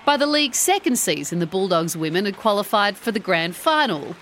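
A woman hosting and narrating a story podcast with expressive delivery. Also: medium pitch, fairly quick, a little hiss or hum. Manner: expressive, rising with excitement. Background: background music.

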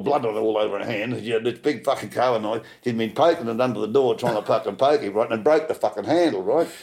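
A man's voice: medium pitch, creaky, a little mellow. An older Australian man telling a story in a coarse, rambling way, swearing constantly and repeating himself. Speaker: interviewee.

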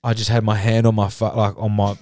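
A man's voice: lowish voice, little pitch movement, fast talker, a little mellow, no room sound. An Australian man in a casual podcast studio chat, telling a rambling, sweary story. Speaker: podcast co-host.

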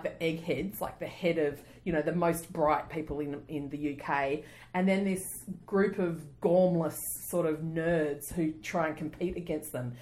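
A woman co-hosting a podcast in casual chat, animated and quick to laugh, exaggerating for comic effect. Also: deep voice. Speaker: podcast co-host.

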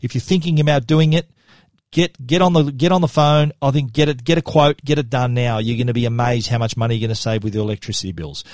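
An Australian man hosts his tech podcast in an easygoing, upbeat way, often stopping to restart a sentence. His voice sits at an ordinary middle pitch. The sound is dry and close, with no room echo. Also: fast talker, darkish tone. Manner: chatty and upbeat, with frequent restarts and "uh" fillers. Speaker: podcast host. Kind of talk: casual podcast talk.

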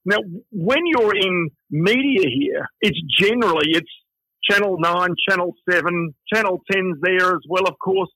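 A man's voice: high-pitched, unhurried, pushed and bright, breathy edge, no room sound, rough recording. A middle-aged man with a broad Australian accent, a guest telling stories in a conversational interview. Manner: anecdotal, chatty storyteller. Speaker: guest, finance and media figure.

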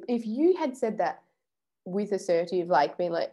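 A woman's voice: mid-range voice, big pitch swings, a little slow, warm tone, muffled recording. A young woman vlogging casually about personal boundaries, chatty and swearing freely, acting out little quoted exchanges. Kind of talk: casual self-help vlog.

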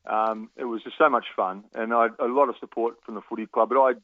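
A man's voice: mid-range voice, quick pace, no room sound. A man with an Australian accent, a former footballer in his fifties, telling stories in a radio interview with plenty of restarts. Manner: animated storyteller with many restarts and laughs. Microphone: phone. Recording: tinny phone line.

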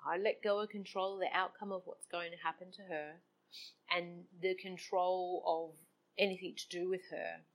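A woman's voice: lowish voice, flat delivery, normal speed. Emotional middle-aged woman. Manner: emotional, open-hearted, laughs often. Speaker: vlogger. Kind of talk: personal reflective monologue.

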